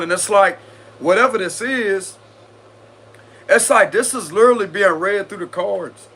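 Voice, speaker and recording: A tarot reader streaming live talks to his viewers in a chatty, slang-heavy way, constantly giggling and cracking up. He has a high, slightly bright voice.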